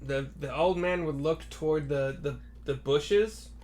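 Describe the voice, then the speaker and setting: A man's voice: fairly high pitch, a little slow, a little hiss or hum. A man running a tabletop game as game master, narrating casually with fillers. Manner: relaxed, with fillers, breaks into laughs.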